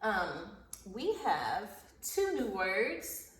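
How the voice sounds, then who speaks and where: A woman teacher giving a vocabulary lesson and reading a story aloud to children, speaking slowly and enunciating carefully, repeating words. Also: mid-range voice, huge pitch swings, a little hiss or hum. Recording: roomy, echoey sound from a distance off the mic.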